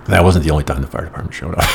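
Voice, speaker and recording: Man, middle-aged, deep voice, faint background noise, casual rambling profane anecdotes. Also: animated, a little fast, creaky. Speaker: storyteller.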